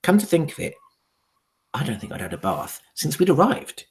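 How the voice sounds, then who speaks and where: A man, a primary school teacher, reading a children's novel aloud with expressive, dramatic storytelling. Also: on the high side, normal speed.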